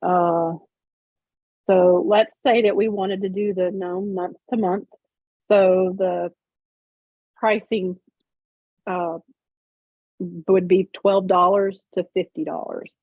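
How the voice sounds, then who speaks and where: A woman chats on a video call, walking listeners through each step and leaning on fillers as she goes. Her voice sounds a little husky over a narrow, phone-like line in a dry room. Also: lowish voice, fairly even intonation, slow pace, long pauses, no echo. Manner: chatty, explains step by step with many fillers. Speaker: host. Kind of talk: casual livestream chat.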